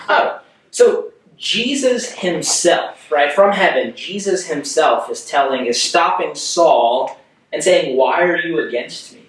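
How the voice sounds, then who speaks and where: A man's voice: on the high side, recorded from a distance. A young man leading a preteen worship lesson, explaining scripture in a chatty way with lots of rhetorical questions. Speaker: youth worship leader. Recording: echoey room, off mic.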